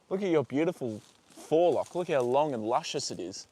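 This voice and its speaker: A man's voice: medium pitch, animated, brisk, mellow. An Australian man hosting a casual livestream from a horse paddock, chatting to viewers, reading out their comments and talking fondly to his horses, with casual swearing. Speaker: livestream host.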